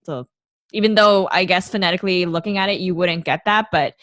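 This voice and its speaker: A woman's voice: fairly low pitch, brisk, fairly bright tone, no room sound. A middle-aged woman, a podcast guest, talking in a rambling, giggly way and poking fun at herself. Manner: giggly, rambling, self-deprecating. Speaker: guest, small business owner. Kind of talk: casual interview chat.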